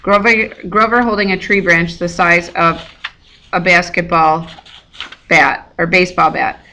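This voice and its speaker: A woman's voice: lowish voice, fairly even intonation, measured pace, pushed and bright, a little hiss or hum. A woman reading a novel aloud, sometimes stumbling and rereading words. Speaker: reader.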